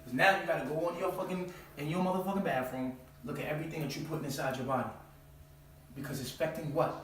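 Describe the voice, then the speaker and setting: A man's voice: a little high, fairly even intonation, fast, fairly bright tone, slight background noise. A man hosting his own channel, giving a profane, preachy lecture full of rhetorical questions. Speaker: channel host. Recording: very echoey room, far from mic.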